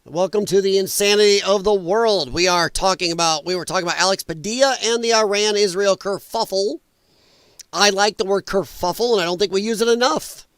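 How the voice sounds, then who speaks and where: A man's voice: sits high, fairly quick, fairly bright tone, clear, resonant tone, dry recording. A middle-aged man hosting a casual political livestream, rambling and joking while reading chat aloud. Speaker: livestream host.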